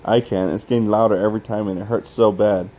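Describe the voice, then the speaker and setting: Man voicing a frantic trapped scientist: low, dark voice, shaky and halting, pleading. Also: fairly even intonation, close to an everyday voice, rough recording. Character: trapped male scientist, desperate and breaking down.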